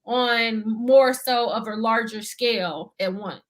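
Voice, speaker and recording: Speaking slowly in a slightly high voice, a young woman appears as a guest on an interview show. She chats casually and earnestly about budgeting, talking a lot and leaning on fillers like "you see what I'm saying."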